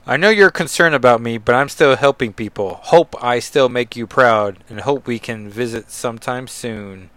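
A man's voice: medium pitch, normal speed, few pauses, fairly bright tone, no room sound, natural voice. Man voicing an earnest young heroine writing home; plain, dry read.

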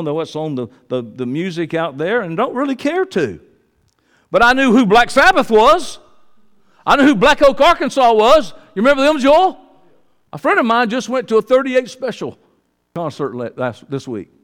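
A pastor preaching in a church, his voice pitched high and swooping from hushed asides up to loud, pressing peaks. The room gives him a long, ringing reverb. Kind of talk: sermon. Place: church sanctuary.

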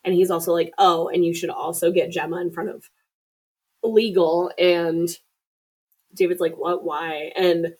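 A woman's voice: fairly low pitch, little pitch movement, measured pace, a little mellow, breathy edge, rough recording. A woman casually retelling a movie plot on a podcast, swearing freely and acting out the characters' lines. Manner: chatty, swearing, acts out quotes. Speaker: podcast co-host.

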